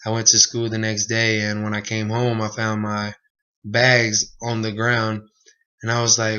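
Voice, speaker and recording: A man's voice: lowish voice, monotone, measured pace, bright, forceful tone, clean tone. A young man earnestly telling his personal testimony in a plain speech, with many asides. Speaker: speaker giving a personal testimony. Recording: dull lo-fi recording.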